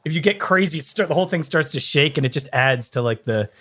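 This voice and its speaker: A man from Michigan chatting casually on a podcast, telling animated stories and laughing often. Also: on the high side, quick pace. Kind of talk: casual chat.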